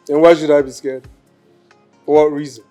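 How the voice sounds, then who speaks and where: An actor with a Nigerian English accent playing a calm, persuasive widower courting a woman. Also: fairly high pitch, moderate pace, soft background music, lightly acted. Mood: tender. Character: smooth-talking male widower wooing a woman. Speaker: widower suitor. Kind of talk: film drama acting.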